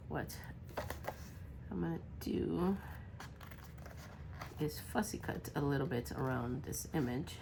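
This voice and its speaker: A woman's voice: low-pitched, sing-song, takes it slowly, gravelly, long pauses, background noise. A woman chatting casually while crafting a journal, rambling with lots of ums, her voice worn and congested from being sick. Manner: rambling, full of ums, muttering while working.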